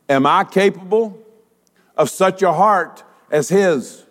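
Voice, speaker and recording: A male pastor delivering a sermon, asking rhetorical questions and using dramatic pauses. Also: sits high, big-room sound.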